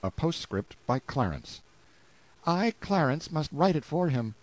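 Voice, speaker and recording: A man reading a novel aloud in a measured, solemn way. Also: on the high side, big pitch swings, rough recording. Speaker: audiobook reader. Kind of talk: scripted novel narration.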